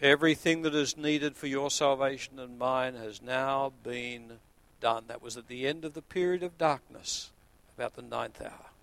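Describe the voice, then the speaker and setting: Earnest pastor preaching. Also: male voice, normal speed, creaky, fairly bright tone, no echo. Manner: earnest preaching, rising to emphatic peaks then dropping low. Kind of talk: sermon.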